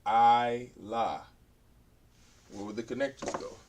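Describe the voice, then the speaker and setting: A man's voice: mid-range voice, fairly even intonation, takes it slowly, a little mellow. A man teaching a beginner language class, sounding out words syllable by syllable and repeating them as he writes on a board. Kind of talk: classroom lesson at a whiteboard.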